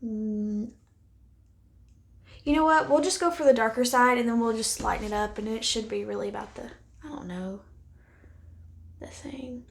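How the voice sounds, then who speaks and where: A woman's voice: on the high side, moderate pace, vocal fry, long pauses. A woman vlogging a casual makeup try-on, chatting candidly to the camera and thinking aloud as she applies it, sometimes dropping to near-whispers. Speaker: beauty vlogger.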